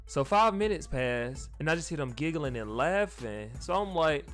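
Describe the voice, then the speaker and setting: Young man, comedic storytime, slangy, lively pitch swings, faint music behind. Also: normal speed, hardly any pauses. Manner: animated and slangy, swinging from low asides to high yelps.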